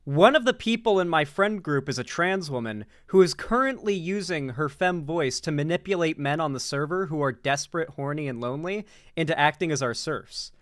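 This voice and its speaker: A man's voice: a little high, expressive, a little fast, few pauses, dry recording, studio quality. A man streaming casual commentary, rambling with many repeated words and restarts. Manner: rambling, repeats words, laughs at own jokes.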